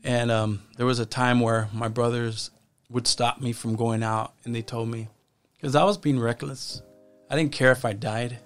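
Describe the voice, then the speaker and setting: Man, podcast guest, personal testimony, halting, repeats words, middle pitch, faint music underneath. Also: level tone. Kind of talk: personal testimony in casual conversation.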